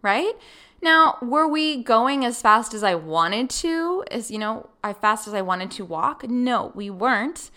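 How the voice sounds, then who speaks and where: Woman podcast host, solo casual storytelling, bright and clear tone, animated, voices her own inner thoughts. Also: fairly high pitch, measured pace. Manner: animated, acts out her own past thoughts, laughs easily.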